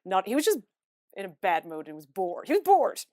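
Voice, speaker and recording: A woman's voice: mid-range voice, very animated, a little fast, mellow, no echo. Chatty woman, dry sound. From Newfoundland. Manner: laughing storyteller trading local sayings. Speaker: podcast guest. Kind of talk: casual chat.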